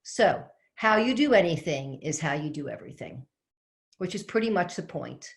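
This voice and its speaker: A middle-aged woman with a notably low voice, speaking from home over a video call. She is an organizing coach giving a webinar, telling a chatty family story and turning to ask her listeners questions. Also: expressive, normal speed, vocal fry. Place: home with fresh flowers behind her.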